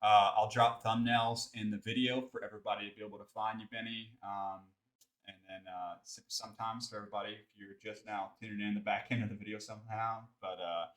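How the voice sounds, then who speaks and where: A lower-voiced man hosts a podcast in a relaxed, casual way. He keeps tossing in "yeah" and "man" as the guest talks, then wraps things up loosely. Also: quick pace. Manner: relaxed, encouraging backchannels, calls guest man and bro. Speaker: podcast host, veteran. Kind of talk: casual interview.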